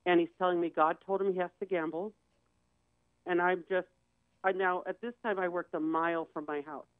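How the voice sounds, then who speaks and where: A woman's voice: lowish voice, steady tone, a little fast, no room sound. Woman telling her story over thin audio. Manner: candid, acts out quoted voices. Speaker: guest. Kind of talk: personal storytelling on a talk show. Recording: tinny phone-like dry sound.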